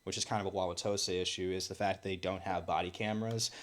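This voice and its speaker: A man's voice: low voice, steady tone, fast. A man from Milwaukee, a guest in an interview, telling events in an earnest way with many fillers and restarts. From Milwaukee, Wisconsin. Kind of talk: casual interview talk.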